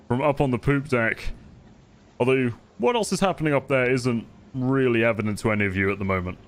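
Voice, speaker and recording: A man's voice: medium pitch, fairly quick. Man narrating as game master. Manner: relaxed, chuckling narration.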